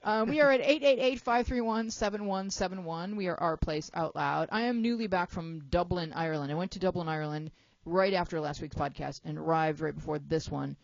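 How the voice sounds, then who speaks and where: A woman's voice: lowish voice, a little fast, vocal fry, few pauses, no echo. Woman, talk show host, playful, chatty, jet lagged, dry muffled studio audio. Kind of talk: casual chat.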